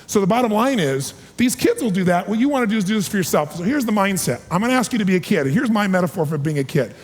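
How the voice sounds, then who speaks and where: A man in his forties giving an energetic, emphatic seminar talk to a live audience, calling for responses. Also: high-pitched, fast. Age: 40s. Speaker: motivational speaker. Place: large hall with a live audience. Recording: long hall reverb.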